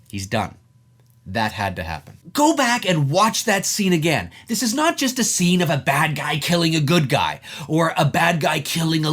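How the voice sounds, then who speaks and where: A man talks straight to camera in a heated opinion rant, his pitch leaping up and dropping low. He swears freely and slips into the voices of the people he quotes. His delivery is emphatic and restless, pushing each point hard. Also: a bit bright. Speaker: film commentator.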